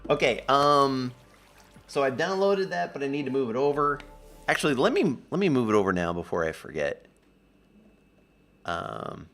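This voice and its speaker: A man's voice: medium pitch, expressive, unhurried, long pauses, fairly bright tone. A man streaming live, chatting casually and rambling through a story while acting out the voices of the people in it. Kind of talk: casual chat on a livestream.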